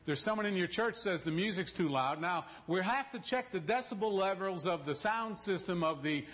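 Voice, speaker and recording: A man's voice: sits high, lively intonation, normal speed, a bit bright, pitched below the performer's own voice. A man voicing a stern, matter-of-fact male safety inspector, in a dull lo-fi recording.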